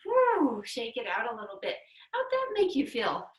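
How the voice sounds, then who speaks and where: A young woman guiding children through breathing exercises and yoga poses in a gentle, encouraging, playful way. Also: a little high, huge pitch swings, normal speed, distant mic. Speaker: kids yoga teacher. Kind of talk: guided kids yoga instruction. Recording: echoey room, away from the mic.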